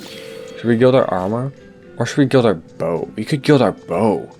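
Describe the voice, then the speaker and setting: A man's voice: mid-range voice, lively intonation, normal speed, a little mellow, soft background music. A young man giving casual, rambling commentary over his own gameplay, stuttering and restarting often, his voice cracking and breaking with hiccups. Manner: rambling, self-interrupting, frequent stutters and fillers. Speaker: gaming channel host. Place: home, late at night.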